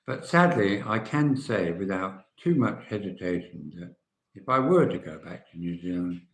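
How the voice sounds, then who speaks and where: An English man in his seventies chatting casually and frankly to viewers on a live stream, rambling and trailing off quietly at the ends of phrases. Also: sits low, animated, moderate pace. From England. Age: 70s. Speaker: vlogger. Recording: echoey room.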